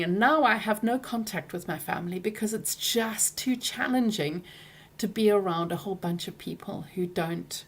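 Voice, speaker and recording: A woman coaching viewers directly, speaking earnestly and gently, often trailing off softly at the ends of phrases. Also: medium pitch. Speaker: program coach.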